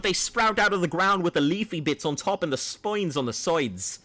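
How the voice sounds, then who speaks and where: A man's voice: a little high, big pitch swings, normal speed, few pauses, sharp tone. Playful man streamer in a put-on Australian accent. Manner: rambling, playful, talks to chat. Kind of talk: gameplay livestream chat.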